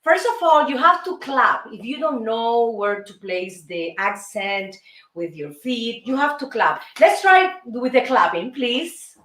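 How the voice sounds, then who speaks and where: A woman's voice: fairly high pitch, sing-song, measured pace. A Cuban woman, a native Spanish speaker, hosting a show and teaching salsa steps in accented English, counting beats aloud in a playful, encouraging way. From Cuba. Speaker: dance instructor and show host. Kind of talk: dance lesson. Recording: roomy, distant mic, faint music.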